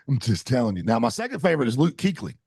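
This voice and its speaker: A man's voice: mid-range voice, big pitch swings, fast, creaky, darkish tone, slightly rough, no room sound, studio quality. A man in his forties co-hosting a podcast, chatting bluntly and teasingly about football. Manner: blunt, teasing, trails off and restarts. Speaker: podcast co-host. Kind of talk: casual sports chat.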